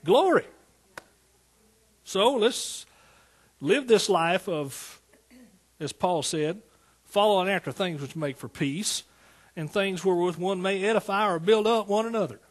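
Older male pastor in his sixties, husky tone, pitched a bit high, folksy sermon delivery. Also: a little slow. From East Texas. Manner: folksy, storytelling, rising to emphatic praise.

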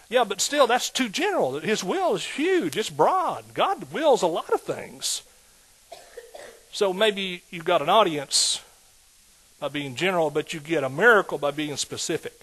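A man preaching a sermon in a lively call-and-response manner, asking the congregation questions. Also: high voice, normal speed, breathy edge.

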